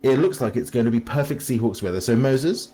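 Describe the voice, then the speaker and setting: Man, husky voice, playful podcast co-host, theatrical jokes. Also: medium pitch, lively intonation, a little fast, mellow. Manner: jokey, theatrical. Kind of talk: playful fan podcast banter.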